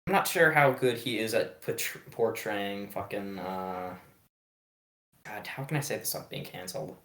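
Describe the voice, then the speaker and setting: A young man in easy podcast chat, cursing freely and breaking into laughter, his voice bright and forward. He sounds like he is in an echoey room with hard walls around his mic. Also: lowish voice, expressive. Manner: profane, quick-laughing, self-interrupting. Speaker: podcast co-host. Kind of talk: casual chat.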